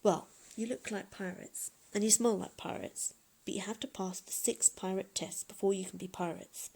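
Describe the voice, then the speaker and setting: A woman's voice: medium pitch, fairly even intonation, normal speed, creaky, mellow, husky. A woman voicing a bossy, nasty female pirate captain who barks orders. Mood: sizing up. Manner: barking orders.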